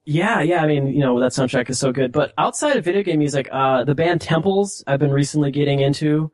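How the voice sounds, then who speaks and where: A man's voice: on the high side, brisk, a little mellow. A man with a Minnesotan accent, an easygoing podcast guest who laughs often. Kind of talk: casual podcast chat.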